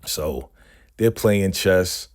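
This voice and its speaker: A man's voice: sits low, animated, extremely slow. A man casually recapping a TV episode in loose, slangy talk, tagging lines with "right?" and "you know".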